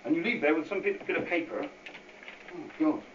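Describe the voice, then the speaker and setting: A man's voice: on the high side, lively intonation, brisk. A man giving an informal, unscripted talk to a public meeting as a guest speaker. He rambles, repeats himself and adds many asides. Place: meeting hall with an audience. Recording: echoey, distant, dull hall recording with faint hiss.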